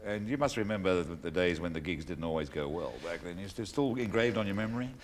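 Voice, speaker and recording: A man's voice: low-pitched, fast. A male talk show host, interviewing a guest and giving dry, scripted introductions. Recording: noisy studio with audience. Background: audience noise.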